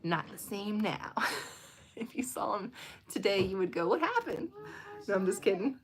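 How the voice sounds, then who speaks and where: A woman's voice: mid-range voice, moderate pace. A woman, casually chatting with viewers on a late-night livestream from home. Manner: chatty, talks directly to viewers. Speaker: livestream host.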